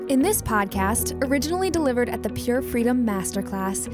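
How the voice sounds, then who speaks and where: A woman reading a scripted podcast introduction in a calm, measured way. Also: fairly high pitch. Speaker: podcast announcer. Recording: studio voice-over with music bed.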